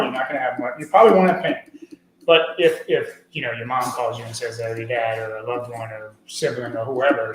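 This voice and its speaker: A man's voice: mid-range voice, a bit bright, a little hiss or hum. Earnest rambling man in echoey room. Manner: earnest, rambling, many fillers and restarts. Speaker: podcast guest. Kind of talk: casual conversational interview.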